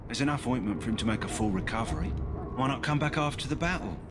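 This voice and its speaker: An actor playing a calm, matter-of-fact male kennel master tending a sick war dog, in a video game. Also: mid-range voice, quick pace, heavy background noise, natural voice.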